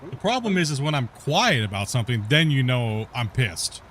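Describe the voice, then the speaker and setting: A man's voice: medium pitch, big pitch swings, normal speed, a bit bright, slight background noise. Rambling laid-back male game streamer. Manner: rambling, full of "you know" and "right?"; laughs often, swears casually. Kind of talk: casual gameplay chat.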